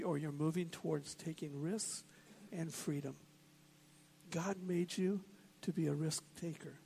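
A man's voice: a little high, gravelly, warm tone, slight background noise. A man preaching a sermon as a pastor, earnest and building to emphatic points.

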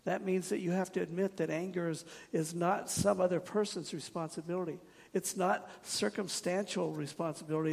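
A man's voice: high voice, vocal fry, darkish tone, breathy edge, in a large hall. A man preaching a sermon in an earnest, direct way, asking his congregation questions and slipping in wry jokes. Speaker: pastor.

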